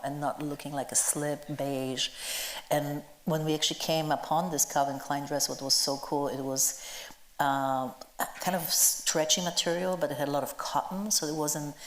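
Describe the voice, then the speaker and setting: A woman being interviewed about her work as a costume designer before a live audience, talking in an enthusiastic, chatty way with lots of fillers. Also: rumbling low. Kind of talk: onstage conversation before an audience. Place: event hall with a live audience. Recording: roomy hall echo.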